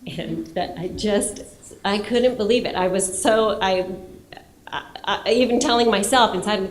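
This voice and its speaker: A woman on a film panel, frank and laughing at herself. her voice sits right in the middle, neither high nor low, and she comes across as open and unguarded as she tells her story. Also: normal speed. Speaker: filmmaker on a festival panel.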